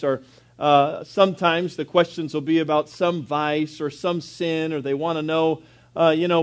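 A middle-aged pastor with a fairly high voice delivers a Sunday sermon in a church. He preaches in a relaxed, conversational way, with plenty of "uh"s and chatty asides. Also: moderate pace. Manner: conversational, folksy preaching with frequent fillers and asides. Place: church sanctuary.

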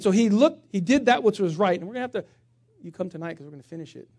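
A middle-aged male pastor preaching a sermon, swinging from hushed tones to shouting and acting out funny stories. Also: high voice, animated, rapid-fire. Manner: acts out funny stories with voices.

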